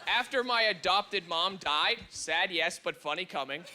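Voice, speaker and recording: A young man performing a stand-up comedy set on a club stage, telling dark jokes in a wry, punchy way. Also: sits high, expressive, a little slow. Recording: audience ambience with noise.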